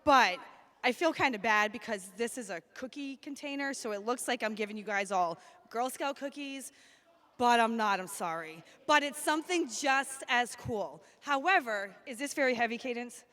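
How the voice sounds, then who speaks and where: A woman speaks from a school assembly stage to a room of children. Her voice sits a little high, and she keeps things upbeat and chatty. She calls out names and class groups one after another. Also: animated, moderate pace, fairly bright tone. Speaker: school staff member presenting at an assembly.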